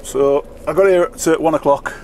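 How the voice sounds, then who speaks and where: Trucker guy rambling on in his cab, bit high voice, loud road noise. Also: steady tone, normal speed. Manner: rambling, chatty, self-mocking. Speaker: truck driver vlogger. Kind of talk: casual vlog chat while driving.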